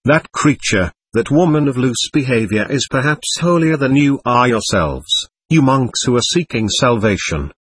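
A man reading aloud as a raging, spluttering old father who yells at everyone. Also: medium pitch, animated, normal speed, husky, no room sound. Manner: yelling, spluttering. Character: old male buffoon father, shrill and raging.

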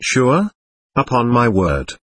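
A man reading a storybook, voicing an excitable, teasing young invalid woman with quick, playful talk. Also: medium pitch, dry recording, full character voice.

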